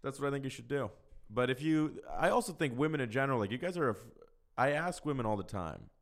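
A man's voice: medium pitch, animated, quick pace. Frank, foul-mouthed male podcast host. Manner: frank, profane, rambling with fillers. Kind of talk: casual solo chat answering listener questions.

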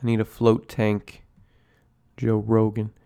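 Here the man's voice sits on the low side, gravelly yet warm, clear and resonant, and he speaks slowly in a monotone. He's a podcast host chatting casually at home with his coffee, rambling along and swearing all the time.

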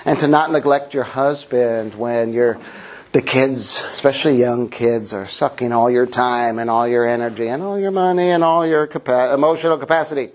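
A middle-aged man preaching a humorous sermon in a church, playful, sometimes acting out a child's shouts. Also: mid-range voice, fairly even intonation, normal speed. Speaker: pastor.

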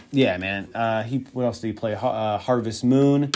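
A man's voice: on the low side, normal speed, few pauses, a little mellow. Male solo podcast host; loose, rambling, profane, thinks aloud. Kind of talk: casual solo chat.

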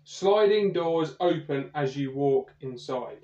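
Slow-narrating game master man. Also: on the high side, expressive, a little mellow. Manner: slow, deliberate scene narration. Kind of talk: narrating a comedy tabletop game podcast. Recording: dull, echoey home-recorded podcast.

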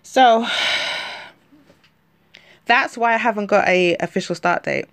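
A London woman with a London accent and a slight lisp hosts a solo podcast, rambling chattily with plenty of fillers and self-corrections. Her mid-range voice is slow, clear and resonant.

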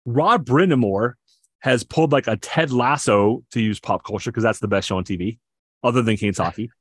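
A man's voice: medium pitch, moderate pace, dry recording, clean studio sound. A man co-hosting a podcast, chatting about sports with enthusiasm and explaining at length, often stammering through restarts. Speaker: podcast co-host. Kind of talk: casual sports chat.

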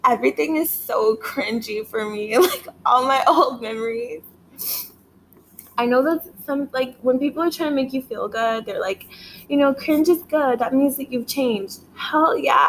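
A woman's voice: high-pitched, lively intonation, measured pace, a bit bright, a little hiss or hum. Rambling, laughing woman podcaster. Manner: rambling, laughing often, heavy filler words, profane. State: high. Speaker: podcast host. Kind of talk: casual solo podcast monologue.

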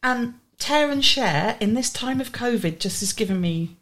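A woman's voice: a little high, lively intonation, normal speed, fairly bright tone. A woman co-hosting a comedy podcast, giggling often and riffing on silly wordplay. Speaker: podcast co-host. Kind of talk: playful comedic banter.

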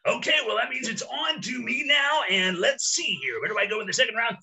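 Casual male podcast co-host, high bright voice, hams it up with loud game-show calls. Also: animated, a little fast. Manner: loud, hammy announcer bursts. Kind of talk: casual joking banter.

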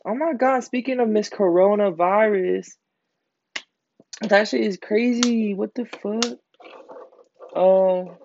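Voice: mid-range voice, creaky, darkish tone, a little hiss or hum. A young speaker in their late teens hosting a podcast, telling stories in a casual, rambling way with lots of slang and heavy swearing. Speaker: podcast host. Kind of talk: casual storytelling monologue. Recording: dull lo-fi recording.

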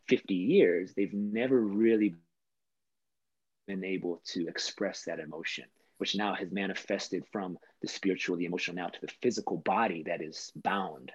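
A man's voice: sits low, moderate pace, slightly rough, no echo, highs cut off. A man speaking as a podcast guest, earnest and spiritual in his talk, now and then swearing. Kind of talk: casual conversation.

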